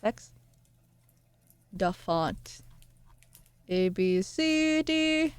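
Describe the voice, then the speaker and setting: A woman streamer chatting casually with her viewers, excitable and giggly, often jumping up into squealy highs. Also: very slow, clean tone, dry recording. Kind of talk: casual live-stream chat.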